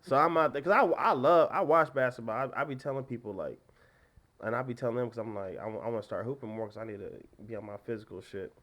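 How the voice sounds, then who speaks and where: A young American man in his twenties, a guest telling stories in casual chat, animated and laughing often, swinging between loud and soft. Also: medium pitch, quick pace. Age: 20s. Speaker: podcast guest, DJ.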